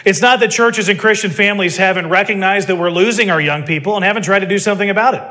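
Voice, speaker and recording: A man's voice: sits high, fast, bright, forceful tone. A man preaching a sermon, emphatic and full of rhetorical questions.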